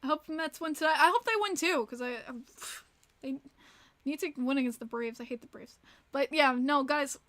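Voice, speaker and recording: High-voiced chatty woman streamer. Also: fairly even intonation, fairly bright tone. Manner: chatty, reacts to viewer chat with quick exclamations. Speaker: livestream host. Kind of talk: casual livestream chat.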